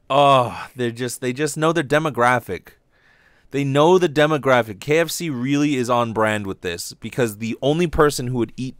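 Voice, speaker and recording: A man's voice: mid-range voice, dry recording, clean studio sound. A man from Hawaii hosting a casual solo podcast, rambling and swearing freely as he rants. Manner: rambling, profane, animated. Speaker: podcast host.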